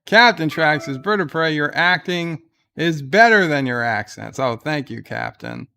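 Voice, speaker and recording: A man's voice: fairly high pitch, lively intonation, measured pace, creaky, bright, forceful tone, clear, resonant tone. A weary man hosting a casual livestream at home, reading viewer comments aloud with wry asides. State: exhausted. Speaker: livestream host. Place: at home in bed.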